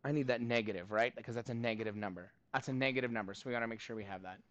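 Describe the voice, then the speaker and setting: A man teaching a math class, upbeat, counting steps aloud and thinking out loud as he works problems with students. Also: mid-range voice, steady tone, very fast, no echo, highs cut off. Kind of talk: live class review lesson.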